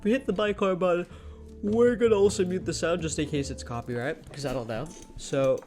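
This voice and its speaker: A man's voice: high voice, brisk, a little mellow, soft background music. A young man hosting a gaming channel, giving casual, rambling commentary full of fillers and restarts while sounding a little sleepy. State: sleepy, yawning.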